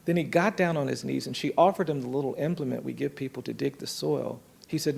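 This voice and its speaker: A man telling a story from his work in an earnest, measured way, voicing the people in it softly. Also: medium pitch. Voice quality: gravelly, husky. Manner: earnest, measured storytelling with soft quoted voices. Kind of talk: storytelling talk.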